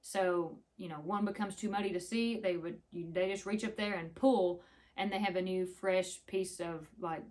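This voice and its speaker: A woman's voice: lowish voice, fairly even intonation, normal speed, darkish tone. A woman, chatting casually to the camera, rambling through a story with laughs. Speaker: vlogger.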